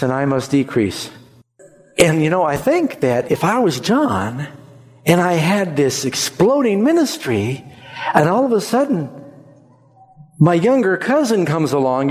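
A man preaching to his congregation in an emphatic, rhythmic way, with a voice pitched a bit high for a man. His words ring out with a long reverb tail in a large church hall. He often calls on the listeners to say a verse back with him. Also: darkish tone. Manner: emphatic, asks the congregation to repeat. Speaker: pastor. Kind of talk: sermon.

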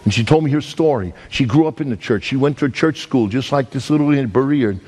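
A male evangelist preaching a storytelling sermon, animated and joking with the congregation, acting out sounds and voices. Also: mid-range voice, quick pace.

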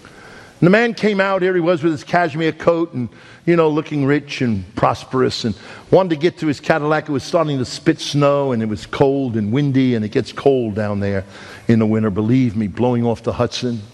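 Middle-aged guy preaching, big swings loud to hushed, long echo like a church hall. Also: medium pitch. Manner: dramatic, swings from loud emphasis to hushed slow lines. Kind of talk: sermon with storytelling.

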